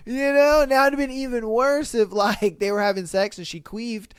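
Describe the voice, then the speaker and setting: A man hosting a casual solo podcast, reading listener stories aloud with animated, incredulous, swearing commentary. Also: very high-pitched, moderate pace, hardly any pauses, smooth, dry recording, studio quality. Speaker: podcast host.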